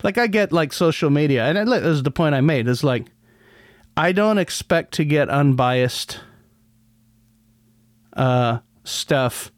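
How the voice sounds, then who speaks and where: Male podcast host, sardonic and rambling, smooth resonant tone. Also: fairly high pitch, expressive, slow pace, long pauses, no echo. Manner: rambling, many restarts, sardonic. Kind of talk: casual solo commentary.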